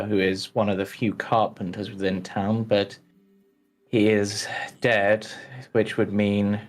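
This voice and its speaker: A man voicing a cautious, polite village priest in a tabletop role-play, speaking hesitantly with many ums and restarts. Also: fairly low pitch. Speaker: game master.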